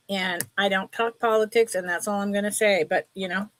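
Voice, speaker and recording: A woman hosts a relaxed live sale from her table, chatting and rambling and laughing often as she shows off items. Her voice sits at a medium pitch with fairly even intonation, and she talks a little fast with few pauses.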